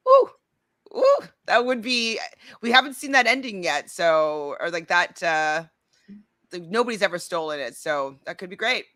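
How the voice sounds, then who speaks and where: A woman co-hosting a casual reality show recap, chatty and animated, with lots of likes and restarts. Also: fairly low pitch, a little slow.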